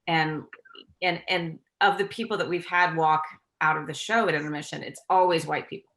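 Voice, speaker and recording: Earnest low-voiced actress on a call. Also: female voice, fairly even intonation, normal speed, a bit bright. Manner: earnest, reflective, with restarts. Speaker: actress, guest. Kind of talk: casual interview over video call.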